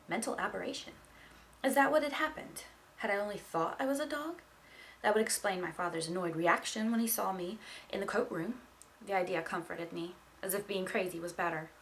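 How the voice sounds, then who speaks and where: A woman's voice: mid-range voice, vocal fry, a bit bright, slight background noise. A woman reading a novel aloud, narrating expressively in the first person. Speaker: audiobook reader. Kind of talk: storybook reading.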